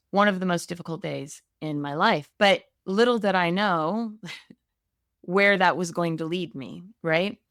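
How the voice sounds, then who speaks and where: Lowish voiced middle-aged woman, candid storytelling, dry close mic. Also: fairly bright tone, no room sound. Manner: emotional, candid, many "right?" tags. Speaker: guest, real estate agent.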